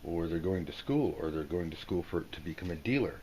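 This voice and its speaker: A man giving a casual tarot video lesson, joking and acting out the people on the cards in quick silly voices. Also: low-pitched, expressive, mellow, slight background noise. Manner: playful, jokey, acts out card characters in quick silly voices. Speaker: tarot teacher.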